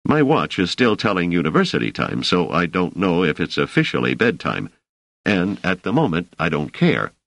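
A man's voice: low-pitched, wildly swooping pitch, moderate pace, gravelly, fairly bright tone, no room sound, heavily acted. A man reading aloud who voices a scholarly stranger with a dry, ironic, exasperated manner. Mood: wry.

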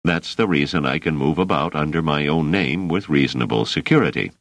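A man's voice: extremely low pitch, a little fast, fairly bright tone, no echo. A man reading an audiobook and voicing a patient, precise male scholar who explains things carefully.

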